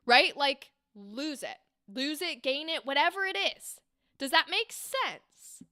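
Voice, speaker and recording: A woman's voice: sits high, animated, measured pace, pushed and bright, no echo, clean studio sound. A woman hosting a livestream, giving bubbly, encouraging critiques of voice acting takes in a chatty way.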